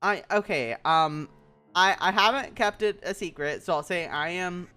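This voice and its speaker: A woman from the Southern United States, a VTuber talking on her stream in an earnest, halting, rambling way. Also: on the low side, bright, forceful tone, soft background music. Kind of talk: casual personal stream talk.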